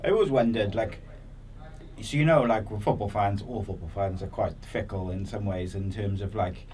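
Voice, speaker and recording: A man's voice: lowish voice, moderate pace, a little mellow, recorded from a distance, a little hiss or hum. A man hosting a podcast, asking chatty questions full of fillers. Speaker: podcast host. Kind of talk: casual interview chat.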